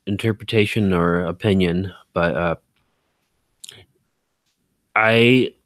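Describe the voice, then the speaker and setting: A man's voice: low voice, takes it slowly, no echo. A man chatting casually on a live stream, reading out viewer comments, rambling with lots of fillers and self-corrections and poking fun at himself.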